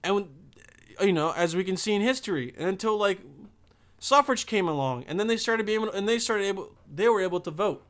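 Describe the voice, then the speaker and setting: A man's voice: sits high, lively intonation, a little fast, fairly bright tone. A young man hosting a podcast, talking in a loose, rambling and profane monologue. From Bosnia. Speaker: podcast host.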